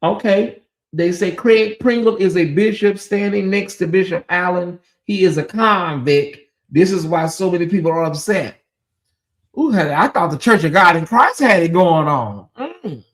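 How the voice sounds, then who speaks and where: A man hosting a livestream, chatting with his viewers in an animated way and laughing often. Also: high voice, moderate pace. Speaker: host. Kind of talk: livestream commentary, talking to the chat.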